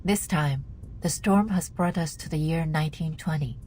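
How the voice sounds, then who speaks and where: A woman voicing a cool, formal administrator in a game, speaking in a calm, businesslike way. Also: deep voice, moderate pace, soft background music, lightly acted. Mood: serious. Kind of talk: game voice acting.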